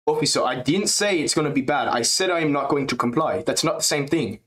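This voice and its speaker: A man's voice: on the high side, lively intonation, fairly quick, fairly bright tone. A man doing an impression of a stubborn male fighter with a put-on Dutch-leaning European accent, speaking in clipped, defiant lines.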